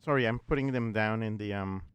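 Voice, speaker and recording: A man's voice: on the low side, brisk, smooth, no room sound, dull audio. Playful man streaming a game. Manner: playful, goofy asides. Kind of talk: casual gameplay commentary.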